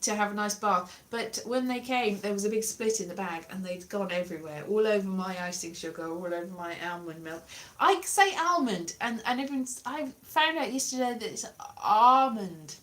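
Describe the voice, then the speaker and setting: A woman's voice: medium pitch, brisk, a bit bright. A woman chatting to a live audience in a rambling, self-deprecating way, wandering off topic. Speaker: livestreamer. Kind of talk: casual rambling chat.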